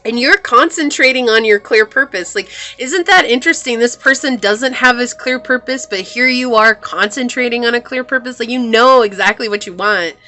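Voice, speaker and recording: A woman's voice: on the high side, normal speed, few pauses, bright, forceful tone. A woman giving a pick-a-card tarot reading in a chatty, reassuring way, full of "like" and "you know". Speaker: tarot reader.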